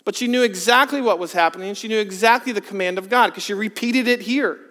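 Preacher, male, very high voice, earnest and building, long hall reverb. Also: fast talker. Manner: earnest, builds from hushed to emphatic with rhetorical questions. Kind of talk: sermon.

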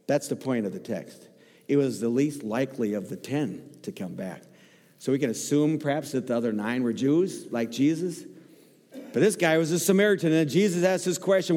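Long reverb from the church sanctuary trails a guest preacher's fairly quick, mid-range voice. Animated and joking, he tells a story within his sermon and performs the characters' voices.

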